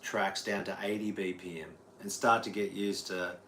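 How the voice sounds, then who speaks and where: A middle-aged Australian man with a lowish voice chats loosely on a live stream. He rambles, drifts between thoughts and answers the viewers' chat as he goes. Faint noise sits under the recording. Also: little pitch movement, normal speed, fairly bright tone. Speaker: guitar teacher streaming live. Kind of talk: casual livestream chat.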